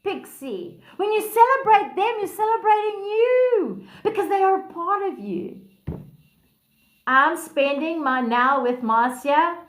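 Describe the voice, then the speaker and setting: A woman's voice: very high-pitched, big pitch swings, unhurried, reverberant. A woman hosting a live stream on her phone, chatting casually with viewers, blunt and profane, laughing often and calling commenters by name. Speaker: livestream host.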